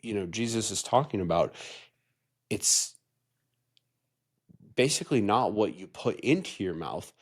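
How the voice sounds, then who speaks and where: A man's voice: lowish voice, expressive, unhurried, long pauses. A man co-hosting a podcast, talking earnestly in casual chat and often checking in with "right?". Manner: earnest, conversational, keeps asking "right?". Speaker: podcast co-host.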